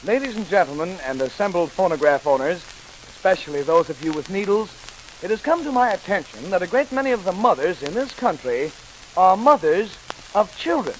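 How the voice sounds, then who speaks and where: A man telling a fairy tale as a rapid-fire comic routine, jumping between shouted character voices. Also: sits high, sing-song, low-quality recording. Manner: breakneck patter, shouted voices for each character. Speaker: comic storyteller. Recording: hissy vintage record.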